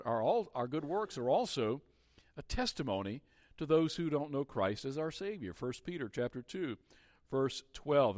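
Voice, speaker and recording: A man preaching a sermon as pastor, earnest and measured, often pausing on "uh" and restarting his phrases. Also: medium pitch, dry recording.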